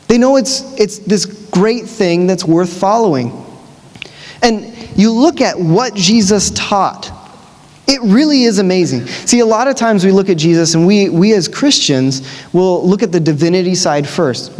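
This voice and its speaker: A man preaching a sermon in a large church, telling the story casually with lively, conversational asides. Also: high-pitched, moderate pace. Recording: long church-hall reverb.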